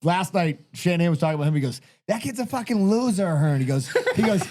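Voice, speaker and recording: A man's voice: high voice, animated, quick pace, background noise. A man co-hosting a casual podcast, telling rambling stories with a lot of swearing and laughter. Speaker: podcast co-host. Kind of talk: casual chat.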